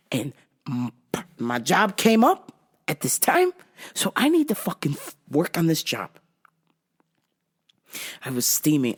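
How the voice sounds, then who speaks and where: A woman hosting a podcast, telling a story casually with plenty of swearing and acting out both sides of an argument. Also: on the low side. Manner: profane, exasperated retelling; acts out both sides of a quarrel. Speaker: podcast host.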